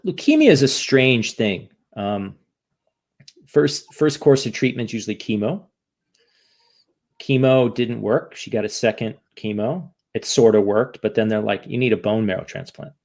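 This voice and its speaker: Man, middle pitch with a gravelly edge, open and rambling interview guest. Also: a little slow, a little mellow. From United States. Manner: candid, rambling with many restarts. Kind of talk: emotional interview conversation.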